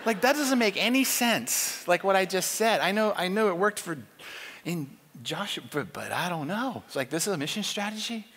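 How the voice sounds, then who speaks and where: Male church speaker, high voice, animated storytelling, long church reverb. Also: brisk, husky. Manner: animated, lots of fillers. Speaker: conference speaker. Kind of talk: storytelling sermon.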